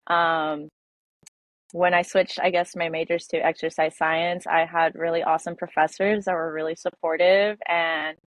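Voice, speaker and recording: A woman's voice: low-pitched, level tone, no echo. A young woman in her twenties, a podcast guest, telling a personal story with many fillers and restarts. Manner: halting, filler-heavy, emotional retelling. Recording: dull lo-fi dry audio.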